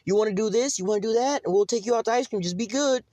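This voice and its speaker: A man's voice: high-pitched, racing, warm tone, dry recording, voice pushed up, lightly acted. A man putting on the voice of a mother pleading and bargaining with her unruly kids.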